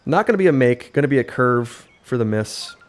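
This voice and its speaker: A man giving upbeat, excitable live play-by-play commentary on his own gaming stream, his voice a little worn. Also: mid-range voice, brisk. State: voice slightly worn. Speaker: livestreamer. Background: faint game music.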